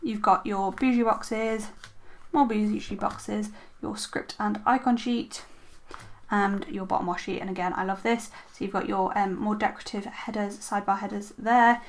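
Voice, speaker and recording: Young woman, casual vlogger chat, mid-pitched voice, lots of ums and self-corrections, at a home desk. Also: steady tone, moderate pace. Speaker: planner vlogger. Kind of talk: casual show-and-tell chat.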